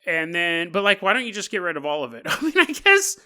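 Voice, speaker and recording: A podcast host with a high, sing-song voice talks fairly quickly in a pushed, bright, clear and resonant tone. In this casual solo monologue he rambles through a story, cracking jokes and laughing often mid-sentence.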